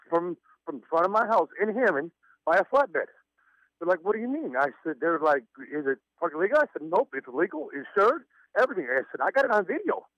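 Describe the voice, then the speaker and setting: A man's voice: sits high, a bit bright, no echo. A man calling in to a radio show, telling his story with stammers and nervous laughs. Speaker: caller. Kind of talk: phone-in story. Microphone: telephone. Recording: muffled phone line.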